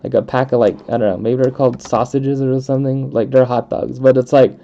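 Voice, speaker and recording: A man's voice: medium pitch, fairly even intonation, fairly quick, creaky, warm tone. A young man from the United States chatting casually while playing a video game, rambling with lots of fillers and frequent laughs. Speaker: let's play host. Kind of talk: casual chat while gaming. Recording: dull lo-fi microphone.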